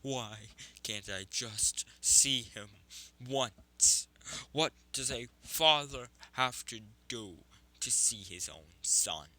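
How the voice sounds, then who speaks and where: A man voicing a huge male nine-tailed fox beast, a desperate grieving father who pleads and swings between whispers and shouts. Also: mid-range voice, takes it slowly, a little hiss or hum. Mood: anguished.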